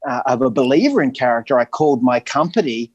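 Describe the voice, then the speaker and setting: A man with an Australian accent tells his story as a guest pastor. He talks in a middle register with a lively, joking energy, tumbling over repeated words when excited. The sound is close and dry, with no room around it. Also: mid-range voice, fast talker, husky, dry recording, highs cut off. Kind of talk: casual interview storytelling.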